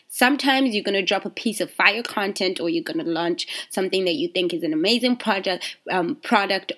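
A woman business coach talking casually and candidly to entrepreneurs, animated, with frequent fillers and self-corrections. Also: medium pitch. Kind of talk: casual motivational podcast talk.

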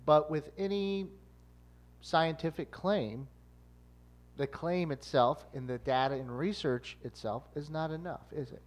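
A man's voice: on the high side, unhurried. A man co-hosting a casual podcast, questioning a claim in a mock-formal, debating way. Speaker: podcast co-host. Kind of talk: casual panel chat.

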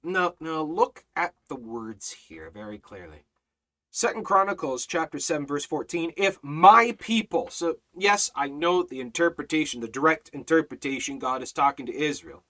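A man leading a Bible study, earnest and repetitive, reading scripture slowly and sometimes dropping almost to a whisper. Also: fairly high pitch. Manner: earnest, repeats phrases, drops to a near whisper when speaking softly; quotes scripture slowly and emphatically. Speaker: Bible teacher.

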